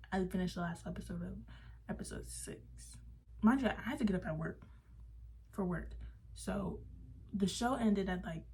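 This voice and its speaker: A woman's voice: medium pitch, warm tone, breathy edge. A young woman vlogger ranting casually, swearing and laughing between phrases. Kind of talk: casual rant. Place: parked car.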